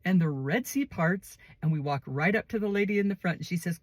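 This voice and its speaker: A woman's voice: lowish voice, expressive, a little fast, hardly any pauses, no echo. Chatty woman telling a personal story. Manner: casual, conversational, chatty.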